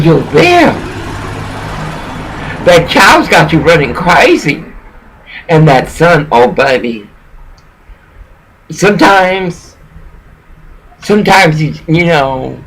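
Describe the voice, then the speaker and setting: Gravelly high-voiced preaching man. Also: a bit bright, poor audio. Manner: rambling, profane, lecturing someone directly. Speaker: pastor. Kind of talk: profane preaching rant.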